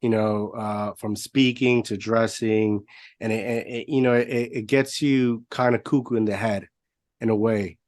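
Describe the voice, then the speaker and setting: A man's voice: fairly low pitch, steady tone, a little slow, a little mellow, no room sound, clean studio sound. A man hosting a podcast interview, enthusiastic but stammering and repeating words as he asks his questions. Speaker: podcast host. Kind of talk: casual interview chat.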